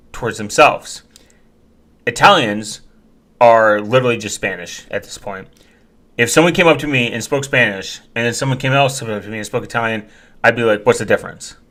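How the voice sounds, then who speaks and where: Man, vlogger, bright tense tone, rambling joker, casual chat to viewers. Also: medium pitch. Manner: rambling, jokey, lots of fillers and restarts.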